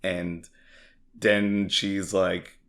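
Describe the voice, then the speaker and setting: A man with a very low voice co-hosts a casual discussion podcast. He gushes with enthusiasm, swears freely and strings thoughts together with plenty of filler words. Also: level tone, extremely slow, fairly bright tone. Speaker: podcast co-host.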